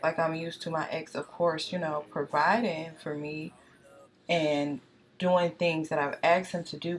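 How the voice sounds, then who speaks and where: A woman's voice: lowish voice, a little hiss or hum. A young woman chatting and confiding in her viewers while doing her makeup. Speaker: beauty vlogger.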